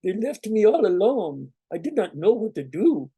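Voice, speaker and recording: A man voicing a self-pitying man in a mock foreign accent, pitched above his usual voice. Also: very animated, normal speed, dark tone, husky, no echo, exaggerated voice. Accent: put-on foreign accent.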